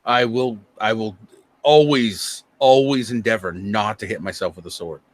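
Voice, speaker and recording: A man's voice: lowish voice, normal speed. A middle-aged man chatting as a guest, often repeating and stumbling over his words. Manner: lively, repeats words, stammers. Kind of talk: casual chat.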